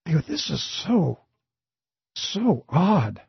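A man hosting a Christian talk show, telling a story in an animated way and often pushing his voice up high for emphasis. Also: slow pace, creaky, slightly rough, no room sound, highs cut off. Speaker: host.

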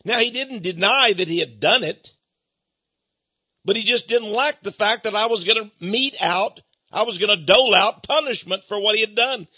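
Male preacher, high husky voice, dry sound, emphatic slow stresses, dull lo-fi recording. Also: pushed and bright, dry recording. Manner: emphatic, drawn-out stresses, acts out quotes. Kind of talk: sermon.

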